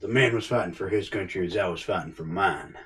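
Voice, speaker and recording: A man playing a touchy, traumatized male war veteran in an improvised comedy sketch, muttering low and gruff and then breaking into panicked shouts. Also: quick pace, recorded from a distance. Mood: gruff, solemn.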